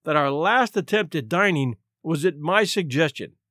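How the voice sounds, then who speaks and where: A man voicing a shabby, down-and-out gentleman who speaks quietly and wryly, with sighs, in a storybook reading. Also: fairly high pitch, lively intonation, moderate pace, no echo, studio quality. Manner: quiet, sighing, wry.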